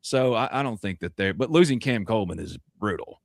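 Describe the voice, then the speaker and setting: A man's voice: lowish voice, animated, a little fast, no room sound, studio quality. Laid-back man talking sports. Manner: rambling, loose, many fillers. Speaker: podcast host. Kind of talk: casual sports chat.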